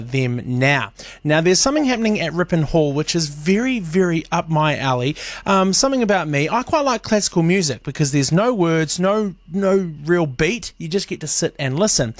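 Brief: male NZ radio host, slightly high voice, upbeat and self-deprecating, reads a community events rundown on a dead-dry studio mic. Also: no room sound. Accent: New Zealand. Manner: chatty, upbeat and self-mocking. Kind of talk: reading a local events guide.

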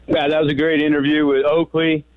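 A man in his sixties, from New York, calling in to a sports radio show and telling stories in a rambling, animated way with many restarts. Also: fairly high pitch, brisk, dry recording. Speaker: caller. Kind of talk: call-in radio chat. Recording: tinny phone line, dry.

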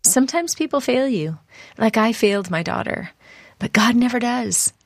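A woman's voice: fairly high pitch, animated, normal speed, no room sound, clean studio sound. A woman giving a short radio devotional, telling a family story in a conversational way.

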